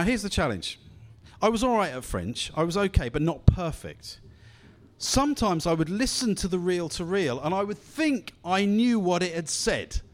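A man from England preaching a sermon in a conversational, encouraging way, often repeating his phrases. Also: high-pitched. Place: church gathering.

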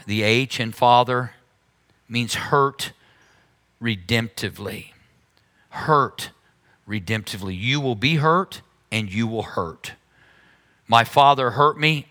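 A middle-aged man preaching a sermon as pastor, animated, with sudden high-pitched mocking asides.

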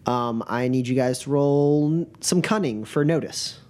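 A man's voice: mid-range voice, unhurried, background noise. A man narrating as game master in a tabletop game, rambling with many fillers.

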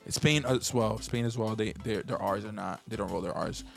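A man from Puerto Rico, co-hosting a casual podcast chat and talking in an animated way. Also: lowish voice, normal speed, creaky, faint music behind. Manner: animated, jumps into mocking parent voices. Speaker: podcast co-host.

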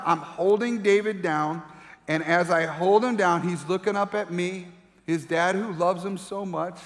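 A middle-aged man preaching a sermon as pastor, telling a family story and acting out voices as he goes. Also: on the high side. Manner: animated storyteller, acts out voices. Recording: long reverb of a large hall.

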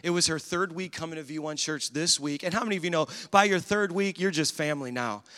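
A man preaching a sermon as pastor, energetic and joking with the congregation. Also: a little high, fast. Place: large church hall with congregation. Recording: live church sound with long reverb.

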